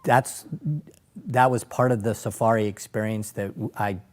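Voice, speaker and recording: A man's voice: lowish voice, normal speed. A middle-aged man, a former lawyer turned safari operator, telling stories as an interview guest, acting out voices and laughing as he goes. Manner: animated storyteller, acts out voices and laughs. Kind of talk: anecdotal storytelling in conversation.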